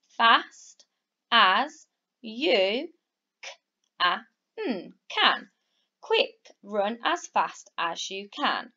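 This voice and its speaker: A woman teaching a phonics lesson to young children, sounding out each letter slowly and blending words, with upbeat praise. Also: medium pitch, big pitch swings, bright, forceful tone. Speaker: primary school teacher. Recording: slightly dull, lo-fi recording.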